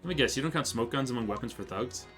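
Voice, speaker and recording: A man giving live commentary while he plays a game, casual and joking with a crude edge. His pitch swings in an animated way as he reacts. Game music plays clearly under his voice. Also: rapid-fire. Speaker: streamer.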